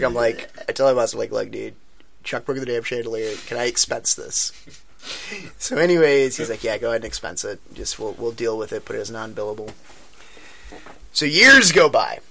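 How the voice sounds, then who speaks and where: A man's voice: mid-range voice, creaky. A young adult man telling a long, profane anecdote in casual chat with friends, acting out the other people's lines. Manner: animated, profane, acts out voices. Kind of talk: casual storytelling among friends.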